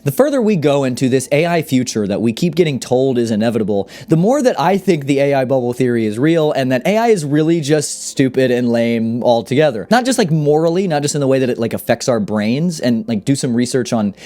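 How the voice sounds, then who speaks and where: A man's voice: medium pitch, very animated, a little fast, few pauses, warm tone. A man from the Southern US hosting a casual opinion vlog, blunt and opinionated. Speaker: YouTube host.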